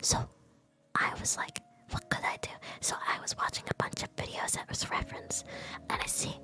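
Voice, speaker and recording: A woman's voice: normal speed, pushed and bright. A woman streamer in a whispered chat stream, talking playfully and teasingly with her lips close to the microphone.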